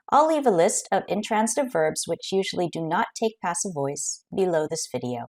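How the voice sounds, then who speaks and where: A woman teaching an English grammar lesson, explaining clearly and carefully with example sentences. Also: on the low side, a little mellow.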